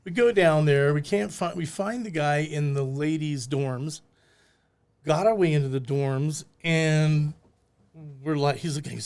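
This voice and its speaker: A gravelly older man spins stories from his old working days in loose podcast conversation. His voice sits a bit high for a man. He throws himself into the voices of the people he quotes as he talks. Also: measured pace, a little mellow. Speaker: podcast guest, former bail bondsman. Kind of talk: casual storytelling chat.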